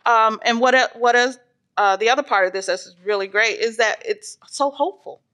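Woman, Bible class teacher, somewhat high voice, bright and forceful tone, earnest, lots of "um". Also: moderate pace, clear, resonant tone. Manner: earnest, with frequent "um" fillers; reads scripture aloud, then explains it. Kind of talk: informal church Bible lesson.

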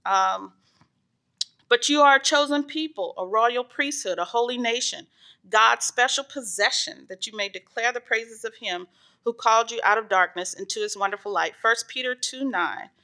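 Woman, Bible class teacher, somewhat high voice, bright and forceful tone, earnest, lots of "um". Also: moderate pace. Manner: earnest, with frequent "um" fillers; reads scripture aloud, then explains it. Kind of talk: informal church Bible lesson.

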